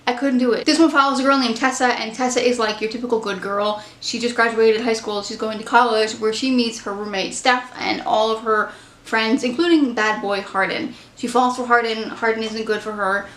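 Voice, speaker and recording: Brief: woman vlogger, fairly high voice, chatty book talk, roomy echo. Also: fairly even intonation, normal speed, fairly bright tone. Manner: chatty, candid, opinionated. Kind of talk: casual book review chat.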